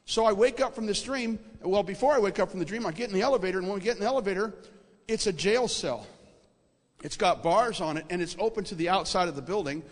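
A man preaching a sermon, telling a dream in an animated storytelling way that repeats words for emphasis and checks in with his audience. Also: sits high, quick pace. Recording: reverberant hall.

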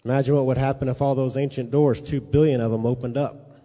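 A man's voice: medium pitch, fairly even intonation, fast, mellow. A man teaching a sermon in a conversational way, often checking in with his listeners. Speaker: preacher. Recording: long reverb of a hall.

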